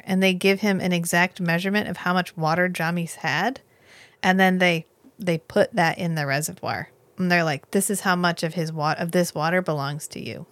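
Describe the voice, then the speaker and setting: A woman co-hosting a podcast, recapping a miniseries in animated casual chat, swearing freely and acting out the characters' lines. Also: fairly low pitch, dry recording. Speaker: podcast co-host.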